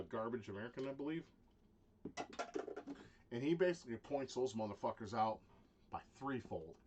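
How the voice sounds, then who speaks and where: Guy ranting on his vlog, swears a ton, goes from mumbly to yelling, keeps restarting, mid-pitch. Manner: profane, swings from low muttering to loud shouting; halting, with many restarts. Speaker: vlogger. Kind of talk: ranting monologue.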